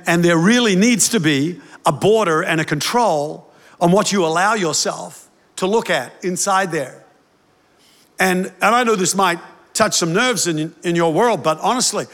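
Emphatic preacher in a reverberant hall. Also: male voice. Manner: emphatic preaching, quick shifts to louder, higher lines. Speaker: pastor. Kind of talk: sermon.

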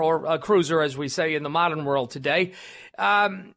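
A man's voice: fairly high pitch, normal speed, fairly bright tone. A man hosting a talk radio show, rambling and self-deprecating, with lots of fillers and restarts, speaking into a studio microphone.

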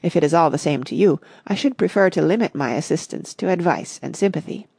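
A prim, wordy male servant from a storybook, read by a woman, deferential and measured. Her husky voice sits low with a gravelly edge. The recording is dry. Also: lively intonation, a little mellow, no echo, heavily acted.

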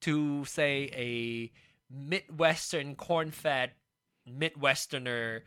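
A podcast co-host in casual chat, talking in a rambling, halting way with many restarts and trailing asides. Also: mid-range voice, bright, forceful tone, clean tone, no room sound, clean studio sound.

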